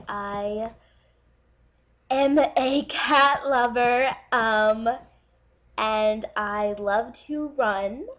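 An actress playing a nervous young woman in a dating video who keeps breaking into tears over cats, halting with many ums. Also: a little high. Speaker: comic dating video character. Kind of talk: comedic video monologue.

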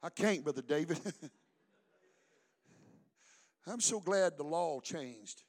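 A man preaching a sermon at a church service. He shifts between shouted exhortation and quieter storytelling, and calls out to members of the congregation by name. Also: a little high, lively intonation, slow. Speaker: pastor.

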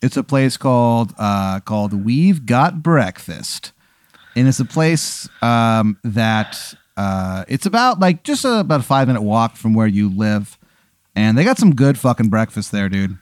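A man's voice: medium pitch, animated, unhurried, no echo. A man hosting a podcast, telling an improvised comic scenario in a loose, rambling way full of "like" and swearing. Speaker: host running an improvised scenario. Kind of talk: casual comedic storytelling.

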